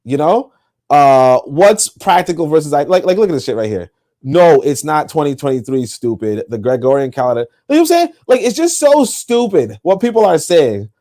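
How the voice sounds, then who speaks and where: A man's voice: fairly high pitch, a little mellow. A male podcast host ranting on a livestream, exasperated and rambling, swearing often and leaning on fillers like "you know" and "like". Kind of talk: livestream monologue.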